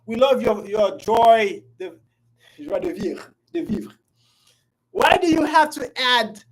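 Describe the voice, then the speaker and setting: A woman teaching an English class in a playful, coaxing way. She repeats herself often and swings between loud and soft. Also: on the high side, rough recording. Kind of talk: live online language class.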